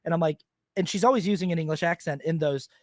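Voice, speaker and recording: A man's voice: fairly high pitch, fast, no room sound, studio quality. Chatty man reviewing a film. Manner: chatty, rambling, lots of "like" and laughs. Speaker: podcast co-host. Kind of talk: casual film review chat.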